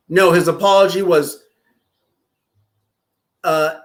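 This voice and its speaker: A man's voice: high-pitched, lively intonation, normal speed, pauses often. A man streaming casual reaction commentary, profane and mocking, often breaking into laughter.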